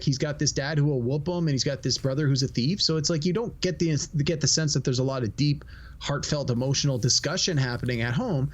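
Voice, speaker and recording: Male podcast co-host, slightly high pitch, thoughtful conversational delivery. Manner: reflective, repeats words while thinking. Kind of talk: casual movie review chat.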